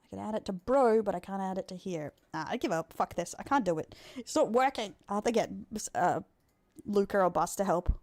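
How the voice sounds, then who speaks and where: A young Australian woman with a matching accent is live-streaming a game, chatting with her viewers while swearing and teasing them. Her mid-range voice has a darkish tone and lively intonation, and she talks a little fast.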